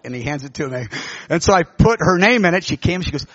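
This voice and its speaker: A middle-aged man preaches, spinning a story with lively, acted-out voices. His voice sits a little high, and the sound is dry and close. The recording is dull and lo-fi. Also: fast talker, dry recording. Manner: animated, acts out quoted voices. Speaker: pastor. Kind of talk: storytelling sermon.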